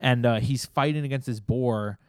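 A man co-hosting a podcast in casual chat, from New York, relaxed and joking, often trailing off mid-sentence. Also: medium pitch, moderate pace, smooth, dry recording, studio quality. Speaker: podcast co-host.

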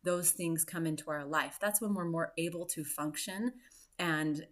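A woman in her forties, a podcast host, telling a personal story in an earnest, reflective way with soft laughs. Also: deep voice, a little slow. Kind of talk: personal story and motivational talk.

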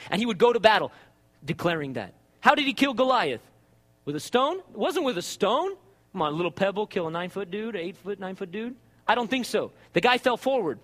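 A man preaching a sermon with passion, dropping to hushed tones and rising to shouts. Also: high-pitched. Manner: impassioned, swings between hushed and shouting. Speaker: pastor.

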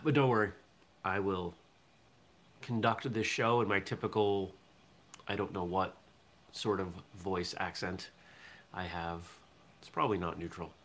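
This is a man from southern Maine hosting a casual morning live stream. His voice sits a little low yet rings bright and forward. He chats easily and now and then reads viewer comments aloud. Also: fairly even intonation, a little slow, long pauses. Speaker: host of a morning live show.

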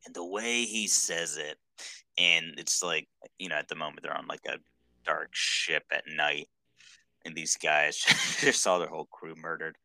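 A man's voice: a bass voice, steady tone, measured pace, creaky, sharp tone, no echo. A man co-hosting a podcast in casual chat, enthusiastic and rambling with lots of fillers. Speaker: podcast co-host.

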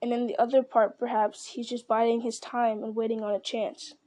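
A woman reads a story aloud in a measured, steady way. Her voice is mellow and warm, sitting slightly high. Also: dry recording. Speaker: narrator. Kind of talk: audiobook reading.

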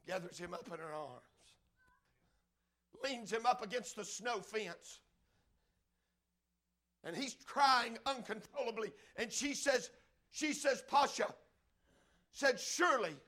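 Impassioned preacher man, high bright voice. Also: lively intonation, slow pace, pauses often. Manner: swings from loud impassioned cries to hushed low telling. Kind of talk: storytelling sermon.

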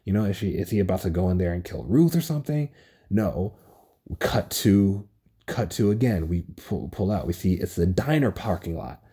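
A young man alone at home, recording a casual solo rant on his phone, rambling excitedly and swearing often. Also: fairly low pitch, moderate pace, breathy edge. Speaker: podcast host. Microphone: phone recording app.

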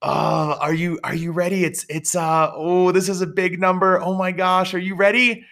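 A man's voice: sits high, level tone, a bit bright, pitched above the performer's own voice. A man imitating a nervous, overly emotional female office clerk who stammers and hesitates. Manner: halting, stammering, breathless.

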